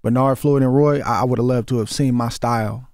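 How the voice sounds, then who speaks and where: A man's voice: medium pitch, steady tone, a little fast, darkish tone, dry recording. A man with an Oakland accent talks earnestly in a dry, close studio sound. He is a former boxer in his forties, a guest in a casual interview. He often restarts and repeats words as he works toward his point. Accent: Oakland, Bay Area. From Oakland, California. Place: radio studio. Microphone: studio microphone.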